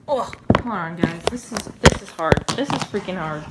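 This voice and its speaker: A young woman vlogging casually as she unboxes beauty products, gushing and excitable with frequent gasps. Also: mid-range voice, unhurried, very noisy.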